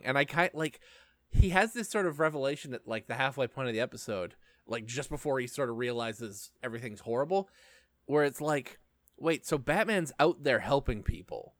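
A man's voice: mid-range voice, animated, normal speed, a bit bright, dry recording. A man co-hosting a podcast, chatting casually and joking around. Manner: jokey, acts out little bits. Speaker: podcast co-host. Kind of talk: casual chat.

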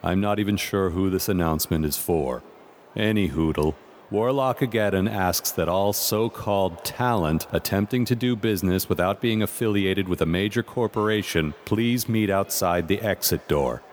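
A man voicing a sarcastic, bored announcer at a convention, deadpan in tone. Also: low voice, moderate pace, slight background noise, close to an everyday voice.

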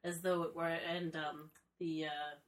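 A woman's voice: sits low, little pitch movement, measured pace. A woman co-hosting a casual podcast chat, dropping dry, teasing asides. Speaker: podcast co-host.

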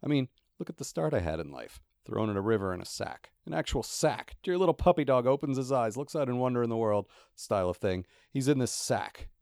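A man's voice: mid-range voice, lively intonation, fairly quick, hardly any pauses, darkish tone, dry recording, studio quality, lightly acted. A man voicing a scruffy, cynical male talking dog while reading a novel passage aloud, in a grumbling, self-pitying manner.

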